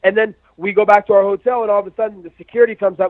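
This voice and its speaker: Brash fighter in his thirties, trash-talking by phone, high voice, tinny and dry line. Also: steady tone, racing, dry recording. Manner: brash, profane trash talk; acts out quotes in raised voice. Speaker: MMA fighter, guest. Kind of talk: phone interview.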